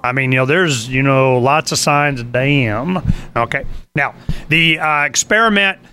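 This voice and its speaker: A man's voice: medium pitch, a little slow, bright, forceful tone, soft background music. A man hosting a talk radio show, rambling through a casual monologue full of fillers and asides.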